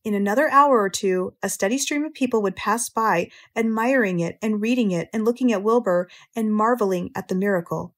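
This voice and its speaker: An American woman narrates a children's classic in a clear, measured storytelling voice. Her pitch sits in the middle range, and she paces each sentence steadily for English learners. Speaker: audiobook narrator, English teacher.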